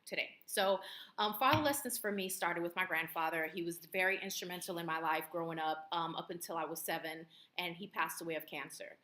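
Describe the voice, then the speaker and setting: A woman's voice: on the low side, fairly quick, bright, forceful tone, roomy sound. A woman guest in a casual interview, speaking in an earnest, reflective way with many fillers.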